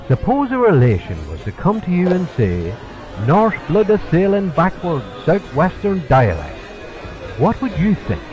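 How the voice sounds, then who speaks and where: A man plays a rambling, wordplaying riverboat talker in a radio play, his fairly high voice leaping all over. Music plays underneath. The recording sounds dull and lo-fi. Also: darkish tone.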